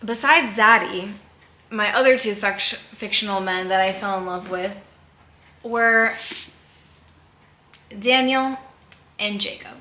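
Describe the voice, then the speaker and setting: Young female book vlogger, gushing and chatty, bright tone, roomy recording. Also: mid-range voice, steady tone, unhurried. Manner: gushing, chatty, laughs often. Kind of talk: casual book chat to camera.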